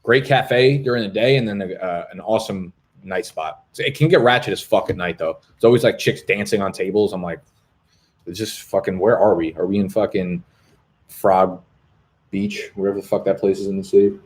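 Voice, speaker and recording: A man in his twenties, his voice sitting low at normal speed, hosts a fantasy football live stream in a Brooklyn apartment. His casual talk with viewers, as he reads their comments, is rambling, profane, and full of jokes.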